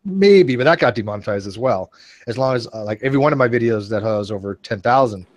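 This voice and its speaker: A man's voice: medium pitch, expressive, fast. A man in his forties hosting a casual panel chat, rambling and joking at his own expense. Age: 40s. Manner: rambling, joking, self-mocking. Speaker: host.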